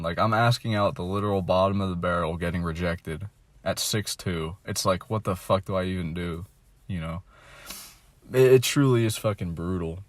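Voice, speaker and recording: Dejected young man venting, low voice. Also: dry recording. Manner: mumbling, trailing off, heavy swearing, mocks others in a high voice. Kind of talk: candid venting monologue.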